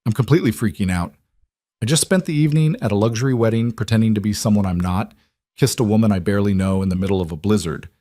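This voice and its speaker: A steady, gentle widowed single father, voiced by a man with a fairly low voice, speaking in a calm, reassuring way. It is an audiobook-style story reading, recorded close and dry. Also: no room sound, lightly acted. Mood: rueful.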